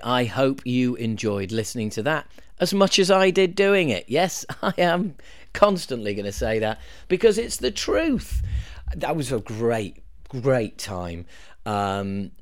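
A man hosting a podcast, with a mid-pitched voice. He chats enthusiastically and warmly reacts to his guest's stories. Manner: enthusiastic, chatty, reacts with laughs. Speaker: podcast host. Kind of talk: casual chat.

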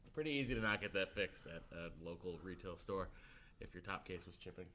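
A man's voice: low voice, brisk, bright, forceful tone, a little hiss or hum. A man chatting on a podcast, adding short dry asides. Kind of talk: casual chat.

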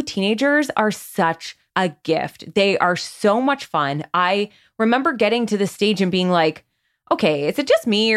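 A woman in her forties, a guest on a podcast, talking candidly and in a lively way about raising her kids. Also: mid-range voice. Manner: candid, animated storytelling with frequent "like". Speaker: podcast guest, parenting platform founder. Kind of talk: casual conversational interview.

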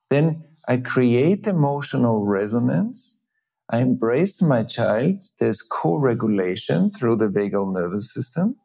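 A man hosting a reflective conversation, speaking thoughtfully with frequent pauses, fillers and restarts. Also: medium pitch, animated, vocal fry, dark tone, breathy edge. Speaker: host.

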